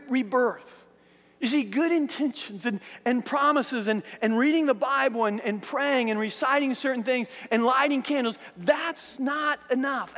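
High-voiced pastor preaching in a reverberant hall. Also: male voice. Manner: animated storytelling, acting out voices of biblical figures; repeats words and restarts often. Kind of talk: sermon.

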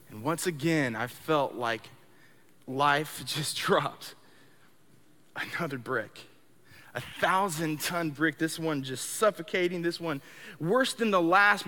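High bright man in an echoing hall. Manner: conversational, repeats words, swings from quiet to loud. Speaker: speaker sharing his testimony. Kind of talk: sermon testimony. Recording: long hall reverb.

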